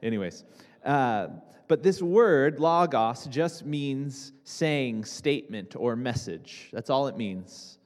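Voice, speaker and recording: A man's voice: mid-range voice, animated, slow. A young man preaching a sermon to a congregation, talking casually with restarts and asides. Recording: reverberant hall.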